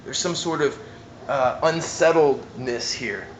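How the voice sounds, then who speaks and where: Earnest male preacher, emphatic then hushed. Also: medium pitch, takes it slowly, slight background noise, rough recording. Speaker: pastor. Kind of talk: sermon.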